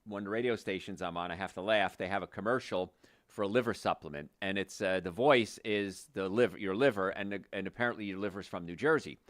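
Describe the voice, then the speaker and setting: A man's voice: lowish voice, fast talker, a bit bright, no room sound, clean studio sound. An older man, a chiropractor hosting a health show, explaining conversationally with restarts and stressed words. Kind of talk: health talk monologue.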